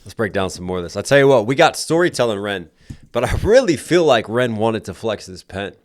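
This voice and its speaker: A man's voice: fairly low pitch, sing-song, fairly quick, dry recording. A man hosting a music reaction video, quoting lyrics back and breaking down the rhymes and delivery with enthusiasm. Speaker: reaction video host and rapper.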